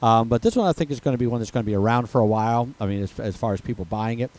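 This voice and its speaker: A man co-hosting a podcast, pitching a product in a lively, salesman-like way. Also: racing. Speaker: podcast co-host. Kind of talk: casual podcast chat.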